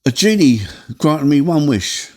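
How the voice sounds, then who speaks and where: Chuckling middle-aged Cockney dad. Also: male voice, on the high side, expressive, unhurried, darkish tone. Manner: agreeable, chuckling, short replies. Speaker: co-host, father. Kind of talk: casual podcast chat.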